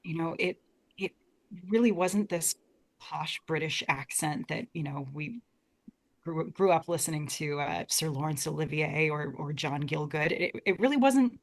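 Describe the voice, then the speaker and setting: A woman's voice: low-pitched, measured pace. A young American woman, a guest talking earnestly about Shakespeare in a casual interview, often restarting her words. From United States. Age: young adult.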